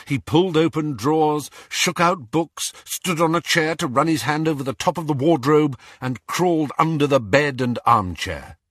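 A man reading a novel aloud as an audiobook, telling it expressively and slowing or speeding up for tension. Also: a little high, no echo, clean studio sound. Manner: expressive storytelling, shifting pace for tension. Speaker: audiobook reader. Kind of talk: audiobook narration.

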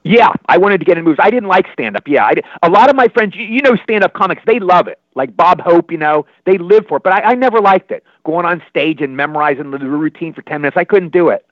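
An older man from Maryland, a guest actor telling animated, rambling stories full of digressions and repeats. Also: high voice, fast, few pauses, no echo. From Maryland, USA. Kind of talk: anecdotal storytelling. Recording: dull lo-fi sound.

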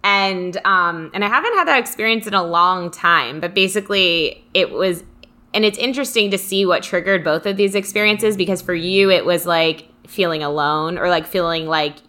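A young woman in a casual podcast chat, with a bright, forward tone on a slightly low voice. She talks in a reflective, rambling way, with "like" running through her sentences. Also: moderate pace. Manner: reflective, chatty, many "like" fillers. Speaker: podcast co-host.

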